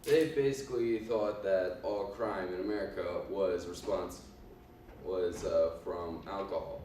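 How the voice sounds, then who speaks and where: A cocky 1920s gangster boss tells his tale in a low voice with a put-on Italian accent, as a man performs him for a class. He speaks haltingly, with many ums and uhs. The sound is very echoey and comes from a distance off the mic. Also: fairly even intonation, mellow, slight background noise. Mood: boastful. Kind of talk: in-character class presentation. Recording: echoey room from far off.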